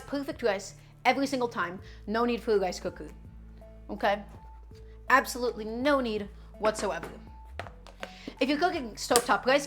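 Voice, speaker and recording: A young woman talks her viewers through a recipe on a cooking live stream, upbeat and chatty, reading out their comments as she goes. Her voice sits a little high. Soft music plays underneath. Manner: chatty, upbeat, answers chat while cooking.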